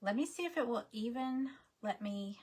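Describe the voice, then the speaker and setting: A woman's voice: on the high side, lively intonation, normal speed, darkish tone. A woman hosting a craft livestream, chatting casually and muttering to herself now and then.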